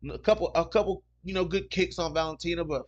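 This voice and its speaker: Rambling man with a higher voice. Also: steady tone, quick pace, muffled recording. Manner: rambling, repeats "you know what I'm saying". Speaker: podcast host. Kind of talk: casual solo chat reading comments.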